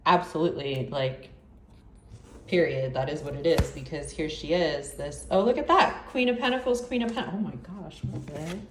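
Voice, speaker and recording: A lower-pitched woman talks through a tarot spread in a loose, chatty way, exclaiming as cards turn up. She sits back from the mic, so her voice sounds roomy and distant, with a faint hiss behind it. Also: normal speed. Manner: chatty and exclamatory, with many fillers. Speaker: tarot reader. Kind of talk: casual tarot reading. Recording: echoey room, distant mic, faint noise.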